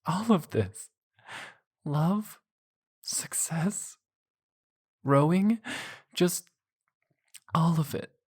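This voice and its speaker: A man voicing a young woman rower who is tearful and overjoyed, raising his pitch. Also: drawn-out words, long pauses, a little mellow, husky, exaggerated voice.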